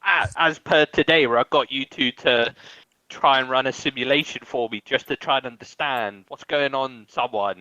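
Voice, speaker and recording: A man's voice: mid-range voice, pushed and bright, no room sound, lo-fi sound. A man co-hosting a podcast, venting in an exasperated way about his IT job, full of fillers. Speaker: podcast co-host, IT worker. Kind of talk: casual chat.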